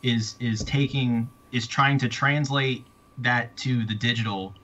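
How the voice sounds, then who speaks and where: A man's voice: mid-range voice, steady tone, sharp tone, lo-fi sound, a little hiss or hum. A man, an author, chatting casually about his books and readers, stumbling and restarting often. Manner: halting, many restarts and fillers. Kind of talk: casual chat.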